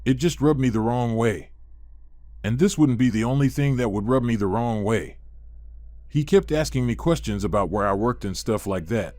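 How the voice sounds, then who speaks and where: A man calmly reading a first-person horror story as scripted narration. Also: mid-range voice, moderate pace, no echo.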